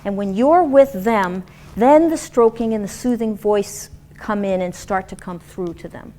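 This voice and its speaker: A woman lecturing a class on dance and movement therapy in an animated, demonstrative way, acting out example voices. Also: mid-range voice, measured pace.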